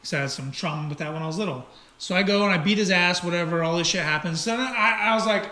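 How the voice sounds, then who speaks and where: Animated, profane man in an echoey room. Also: high-pitched, fast. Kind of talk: casual chat, telling a story. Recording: echoey room, faint noise.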